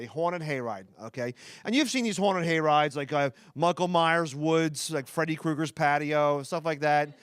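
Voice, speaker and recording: A man with a Philadelphia accent performs stand-up for a live audience, rambling quickly with restarts and asides to the crowd. His voice is on the high side with a clean tone and no room sound.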